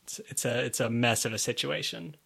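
A man chatting casually about a tabletop game session, animated and laughing in mock outrage. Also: mid-range voice, fairly quick, vocal fry, slightly rough.

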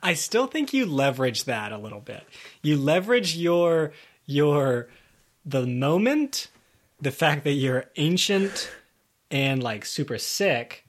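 A man chatting casually about a tabletop game session, animated and laughing in mock outrage. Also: medium pitch, measured pace.

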